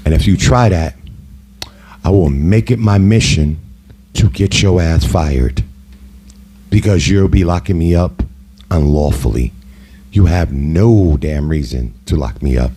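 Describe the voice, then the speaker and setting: Low, mellow-voiced middle-aged man telling a story. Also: lively intonation, unhurried, long pauses, husky. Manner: heated, conversational, full of "you know" asides. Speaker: host. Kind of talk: casual storytelling monologue.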